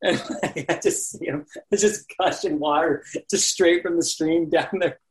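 A man on a podcast telling a story in a relaxed, chatty way. His voice sits a little high. He slips into other people's voices for quotes and laughs easily. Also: measured pace, rough recording. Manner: animated storyteller, acts out quotes, laughs often. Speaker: podcast guest, landscape photographer. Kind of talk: casual storytelling interview.

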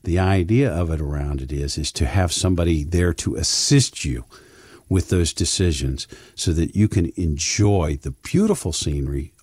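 A man's voice: low-pitched, animated, moderate pace, a little mellow, breathy edge, no echo, studio quality. A middle-aged man, a financial advisor, chatting casually and telling a folksy story, repeating words as he restarts his sentences.

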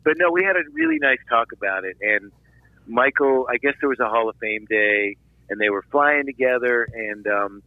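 A man from Philadelphia, a filmmaker guest, telling a long anecdote in an animated interview, with restarts and asides. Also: medium pitch, moderate pace, dry recording, phone-quality sound. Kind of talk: storytelling interview.

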